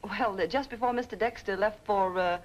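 An actress in a 1940s film playing a brisk, sly secretary who talks in a dry, coy manner. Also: female voice, medium pitch, dull audio, close to an everyday voice.

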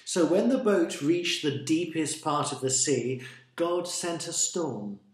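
A man telling a Bible story for a church reflection in a slow, deliberate, expressive way. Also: fairly high pitch, echoey room.

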